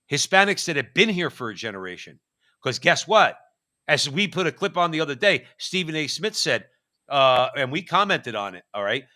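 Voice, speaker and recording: A man's voice: a little high, pushed and bright. A man co-hosting a political talk show, ranting emphatically with frequent restarts. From United States. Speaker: co-host. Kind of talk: political commentary chat.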